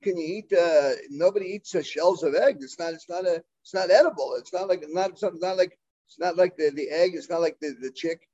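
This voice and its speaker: High-voiced man teaching a Talmud class. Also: darkish tone, lo-fi sound. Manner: halting, full of fillers and restarts, mixing Hebrew and Aramaic terms.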